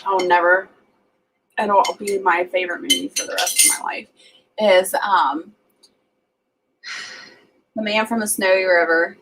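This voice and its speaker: A woman's voice: medium pitch, fairly even intonation, a little slow, pauses often, very noisy. A woman with a Southern US accent, casually chatting on a livestream and reading out viewer comments as she rambles along.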